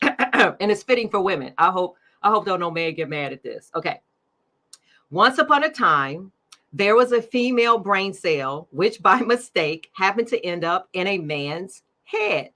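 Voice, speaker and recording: A woman's voice: medium pitch, bright, forceful tone. A middle-aged woman hosting her own show, talking in an upbeat, chatty way and laughing often. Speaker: podcast host. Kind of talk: casual livestream chat.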